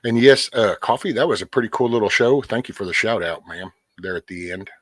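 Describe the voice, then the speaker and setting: A man's voice: lowish voice, fairly quick, dry recording. A middle-aged man, rambling casually on a livestream and answering chat by name. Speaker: livestream host. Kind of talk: casual live-stream chat.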